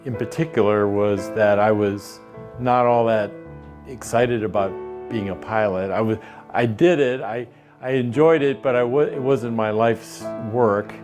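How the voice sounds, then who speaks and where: A man's voice: fairly low pitch, a little mellow. A man and former Air Force pilot recalling an old friend in a wry, reflective way. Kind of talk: interview recollection. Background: guitar music.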